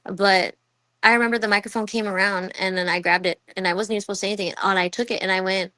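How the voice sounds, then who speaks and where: A woman's voice: mid-range voice, steady tone, quick pace, sharp tone, no echo. A woman co-hosting a podcast, telling stories in a rambling, casual way full of fillers. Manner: rambling, filler-heavy storytelling. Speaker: podcast co-host. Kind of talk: casual chat.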